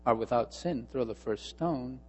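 A preacher voicing a gentle, compassionate Jesus, speaking softly and without hurry. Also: male voice, mid-range voice, normal speed, slightly rough, close to an everyday voice. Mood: firm.

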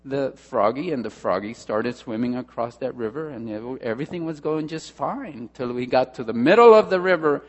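A male pastor preaching a sermon, emphatic, with dramatic pauses and repetition, in a church hall. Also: mid-range voice. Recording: long hall reverb with mains hum.

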